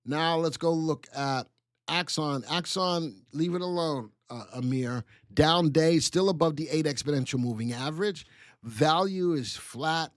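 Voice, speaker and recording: A man hosting a live stock market stream, bantering with chat and spelling out ticker symbols in an excitable, teasing way. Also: a little high, measured pace, no echo, clean studio sound.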